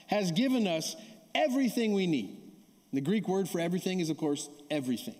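A man's voice: high voice, lively intonation, a little fast, darkish tone. A man preaching a sermon as pastor, telling stories in a conversational way, often checking in with the congregation and asking for responses. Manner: conversational, keeps asking the audience "right?"; calls for audience response. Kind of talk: sermon with storytelling. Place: church sanctuary. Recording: long hall reverb.

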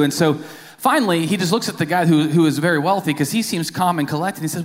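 A man's voice: a little high, animated, quick pace. Chatty man preaching in a reverberant church. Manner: informal and self-deprecating, with many fillers and restarts. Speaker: church accountant giving the sermon. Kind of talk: lay sermon with jokes and stories. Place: church sanctuary. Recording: long reverb of a church hall.

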